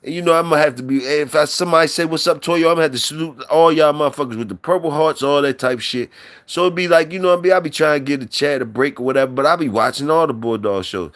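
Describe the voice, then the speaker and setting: A man's voice: on the high side, fast talker, a bit bright. Profane man riffing on a live stream. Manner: loose, profane, repetitive banter with chat. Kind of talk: casual live-stream chat. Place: workplace, talking on a mic from work.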